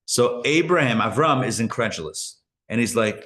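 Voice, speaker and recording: A rabbi giving a live Torah class, talking conversationally and paraphrasing the verses with lively emphasis. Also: male voice, mid-range voice, normal speed, few pauses. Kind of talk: live class lecture with discussion.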